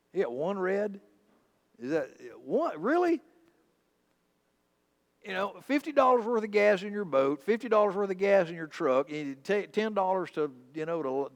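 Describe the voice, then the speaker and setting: A male pastor preaching a sermon, telling folksy, humorous stories in a conversational way. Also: medium pitch. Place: church sanctuary.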